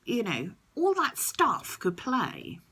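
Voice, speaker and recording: Woman vlogging to camera, unhurried, explaining things thoughtfully, very expressive voice. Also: mid-range voice, breathy edge. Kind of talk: reflective talk to camera.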